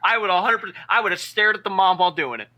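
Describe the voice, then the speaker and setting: A man's voice: sits high, expressive, rapid-fire, bright, forceful tone. A young man in casual chat, telling a crude work story with lots of laughter. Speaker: podcast co-host.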